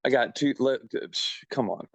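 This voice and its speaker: A man's voice: medium pitch, moderate pace, dry recording. Rambling, jokey male musician. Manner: rambling, jokey, many restarts and "like"s. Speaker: musician guest. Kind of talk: casual interview chat.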